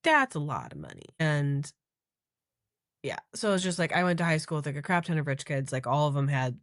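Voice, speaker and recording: Woman in her thirties, from Minnesota, casual storytelling, filler-heavy chat, slightly low voice. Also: very animated, a little fast, no echo, studio quality. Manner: chatty, heavy use of "like" fillers. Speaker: podcast guest.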